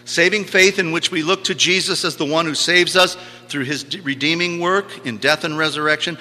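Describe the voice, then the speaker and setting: A man's voice: fairly high pitch, normal speed, few pauses, pushed and bright. A man preaching a sermon, teaching emphatically and repeating key phrases for stress. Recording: long hall reverb.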